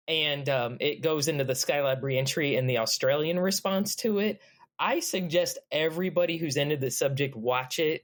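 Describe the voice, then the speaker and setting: A woman, chatting as a podcast guest, enthusiastic and quick to laugh. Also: low voice. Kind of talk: casual chat.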